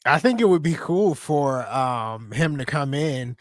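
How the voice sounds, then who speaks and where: A man's voice: mid-range voice, expressive, measured pace, no echo, clean studio sound. A man on a casual live wrestling stream who chimes in with agreeable, easygoing remarks. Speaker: co-host.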